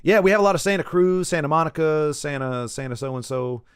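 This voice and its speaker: A man's voice: fairly high pitch, brisk, clear, resonant tone, no room sound. Rambling streamer man, dry close mic. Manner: rambling, self-correcting, jokey asides to chat. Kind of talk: casual live-stream chat while gaming. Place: in Texas.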